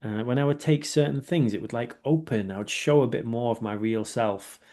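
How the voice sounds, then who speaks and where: A man, speaking as a guest in a candid, reflective interview and often checking in with a quick 'right?'. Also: medium pitch, mellow. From England. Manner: reflective, with many filler words and rhetorical 'right?'.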